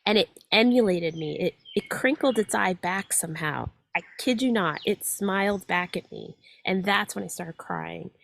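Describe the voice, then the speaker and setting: A woman in her forties, a guest in a casual chat, telling stories in an animated way with plenty of fillers. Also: medium pitch, normal speed, creaky, few pauses.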